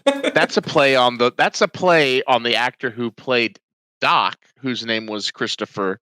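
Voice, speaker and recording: Slow, animated man from South Texas. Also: medium pitch, no room sound. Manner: joking, rambling, trailing off with fillers. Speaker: podcast co-host. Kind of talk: casual comedic chat.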